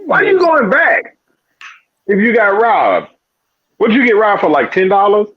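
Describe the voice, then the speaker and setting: A man's voice: high-pitched, sing-song, a little slow, husky, highs cut off. A man on a podcast, joking around and teasing the host in banter. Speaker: podcast guest. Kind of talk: casual chat.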